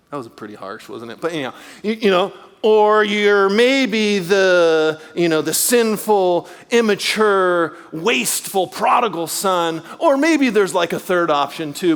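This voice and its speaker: A middle-aged man preaching a sermon as a guest speaker, animated, swinging between loud lines and hushed asides. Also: on the high side, normal speed, few pauses, long reverb tail. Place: church.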